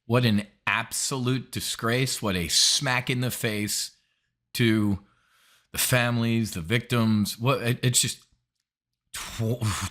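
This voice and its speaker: A man's voice: mid-range voice, unhurried, a bit bright. A man hosting an options trading show, giving blunt, indignant market commentary with emphatic outbursts.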